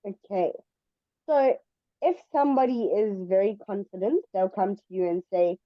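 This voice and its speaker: A woman's voice: medium pitch, moderate pace, no room sound, muffled recording. A woman tutoring English one-on-one over a video call, explaining patiently with examples. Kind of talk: one-on-one online English lesson.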